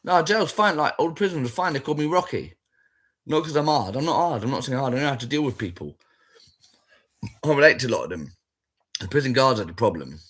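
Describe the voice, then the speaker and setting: Brief: man, husky voice, blunt and foul-mouthed, rambling and repetitive. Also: mid-range voice, expressive, fast talker, pauses often, fairly bright tone. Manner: sweary, blunt and rambling, repeats himself. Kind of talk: casual spoken rant.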